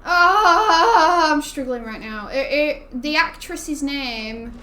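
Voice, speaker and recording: A woman's voice: on the high side, measured pace, sharp tone. A young woman, chatting casually and rambling while she streams a game, laughing often. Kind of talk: casual gaming stream chat.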